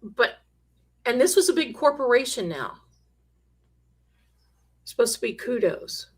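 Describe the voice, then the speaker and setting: Slow-talking woman hosting a psychic stream. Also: a little high, sing-song, husky. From Italian heritage. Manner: chatty, emphatic, drifts into quoted voices. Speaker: psychic livestream host. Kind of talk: live chat storytelling.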